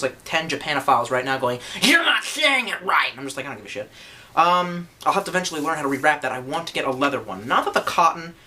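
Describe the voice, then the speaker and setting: Bright-voiced young man, profane rambling vlog. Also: mid-range voice. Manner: profane, joking, self-deprecating, rambling. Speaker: YouTuber reviewing swords. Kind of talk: casual rambling vlog review. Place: room at home, indoors.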